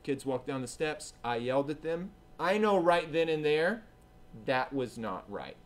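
A man preaching a sermon as pastor at a church service, earnest and swinging between emphatic and hushed delivery. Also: a little high, lively intonation, measured pace.

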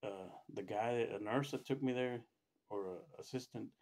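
A middle-aged man casually telling a personal story, rambling with restarts and acting out what others said by raising his pitch. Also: moderate pace, darkish tone. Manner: rambling, acts out quoted voices with raised pitch, many restarts. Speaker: storyteller recounting his own experience.

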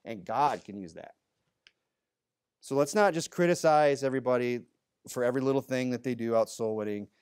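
A man's voice: medium pitch, brisk, darkish tone, smooth. A man preaching in a church in a loose, conversational way, with good-humored asides. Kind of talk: conversational sermon.

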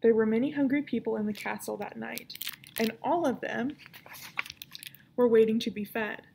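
A woman librarian reads a children's novel aloud with expressive storytelling. Her voice is gravelly and mellow, with a slightly raised pitch. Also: normal speed, a little hiss or hum.

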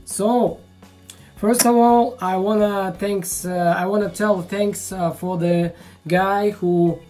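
A woman explaining a software fix in a casual tutorial, in halting non-native English full of fillers, frustrated and swearing now and then. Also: mid-range voice, steady tone, faint music behind. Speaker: video tutorial maker.

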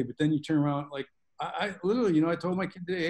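A man's voice: on the high side, fast talker, darkish tone. A man, a guest author, telling long stories with tangents in a book club discussion over a video call. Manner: rambling, self-aware storyteller with tangents.

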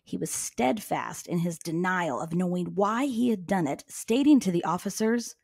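A woman's voice: lowish voice, animated, moderate pace, hardly any pauses, a little mellow, husky. Blunt, sarcastic woman podcaster. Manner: blunt, sarcastic, swears freely. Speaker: podcast co-host. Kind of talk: casual true crime chat.

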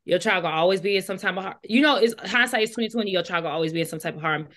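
A woman joining a casual book discussion as a guest, talking the story through expressively and weighing both sides. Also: medium pitch. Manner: expressive retelling, then measured and reflective. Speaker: guest co-reader.

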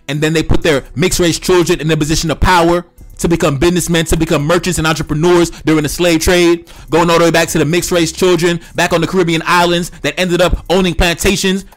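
A man giving heated opinion commentary, lecturing in a repetitive, profane rant. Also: fairly high pitch. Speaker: online commentator.

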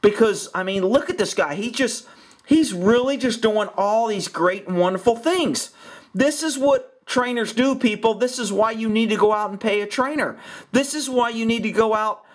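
A man's voice: sits high, moderate pace. A middle-aged man, a horse trainer, giving blunt, sarcastic commentary on a training video. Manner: blunt, sarcastic, repeats himself.

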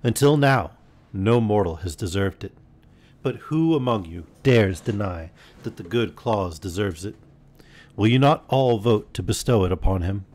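A man's voice: on the low side, animated, a little slow, a little mellow. A man reading aloud and voicing a wise, solemn male immortal from a storybook, with a grave, earnest delivery. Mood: pleading.

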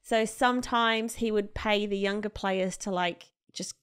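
A woman with a mid-range, slightly bright voice speaks a little slowly in a clean recording. As a podcast co-host, she retells a story in chatty fashion, packed with fillers and acted-out quotes of other people.

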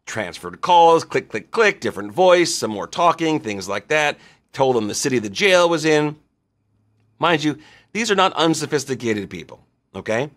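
Middle-aged male host, mid-pitch, chatty storyteller who acts out the quotes. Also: moderate pace. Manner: animated, conversational, acts out quotes. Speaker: insurance show host. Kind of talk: storytelling monologue.

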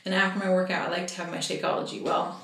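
A woman's voice: lowish voice, steady tone, quick pace, creaky, a bit bright. Frustrated woman venting in an echoey room. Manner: frustrated, discouraged venting with frequent ums. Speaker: vlogger. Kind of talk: candid personal vlog.

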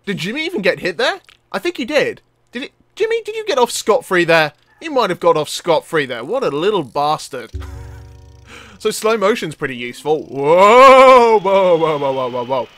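A man doing let's play commentary, excitable, yelping and laughing at the action on screen. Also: sits high, normal speed, soft background music. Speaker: gaming commentator.

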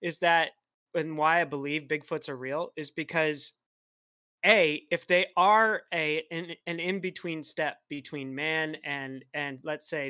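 Polite, hesitant man, bright dry voice. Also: on the high side, no echo. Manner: polite, hesitant with many fillers. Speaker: caller. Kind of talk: casual chat.

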